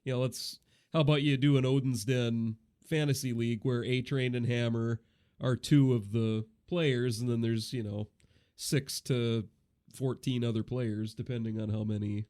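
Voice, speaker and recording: A man co-hosting a casual podcast, easygoing and deadpan with halting restarts. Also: medium pitch, clear, resonant tone. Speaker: podcast co-host.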